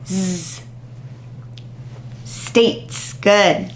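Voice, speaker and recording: A woman teacher leading a phonics warm-up for young children, sounding out words crisply and praising each answer patiently. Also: mid-range voice, animated, slight background noise. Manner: patient, drawn-out, encouraging praise after pauses. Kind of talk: slow, deliberate phonics lesson to young children.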